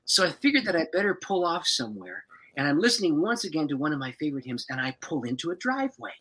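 A man's voice: a little high, fast talker, breathy edge, low-quality recording. A man, a pastor and author, tells a personal story as a podcast guest, breaking into laughter as he goes. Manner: lively, laughs through his story.

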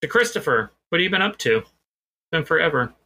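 A man's voice: a little high, big pitch swings, fast talker, sharp tone. A man co-hosting a podcast, telling a rambling, self-deprecating story in casual chat. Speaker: podcast co-host.

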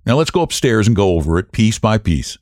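A brisk county attorney who speaks in a tolerant, offhand way, as a man puts him on in a storybook reading. The voice moves through a lively pitch range. It sounds dry and close. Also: no echo.

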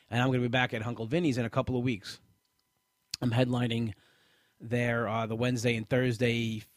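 A man's voice: medium pitch, no room sound. Frustrated man rambling, dry room. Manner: frustrated, rambling, many restarts. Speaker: comedian sharing a weight-loss update. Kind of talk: casual monologue.

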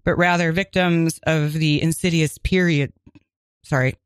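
A woman co-hosting a community radio crime show, chatting casually and reading announcements with quick asides. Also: deep voice, fairly even intonation, clean tone, no room sound. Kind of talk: casual chat and on-air announcements. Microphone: studio microphone.

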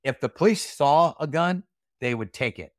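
A man's voice: a little high, expressive, normal speed, no echo, studio quality. A man recounting a night from his Army days as an interview guest, blunt, profane and heated. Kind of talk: casual storytelling interview.

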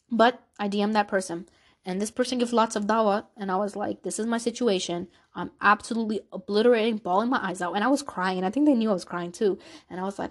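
A woman hosting a podcast, telling a personal story in an earnest, confessional way and acting out the conversations she recalls. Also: medium pitch. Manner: earnest, confessional, reenacts dialogue. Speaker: podcast host.

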